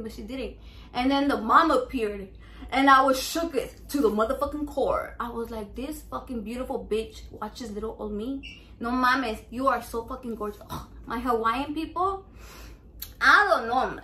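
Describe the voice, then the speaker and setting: A woman's voice: on the high side, bright, forceful tone. A young woman, chatting casually in a rambling, profane vlog, dropping into Spanish. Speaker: cooking vlogger. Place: home kitchen. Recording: echoey room, faint background noise.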